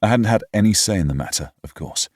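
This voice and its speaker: A man's voice: fairly low pitch, expressive, fast, a little mellow, no echo, clean studio sound. A young British man narrating a first-person romance audiobook in a reflective, wry, slightly pompous way. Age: young adult.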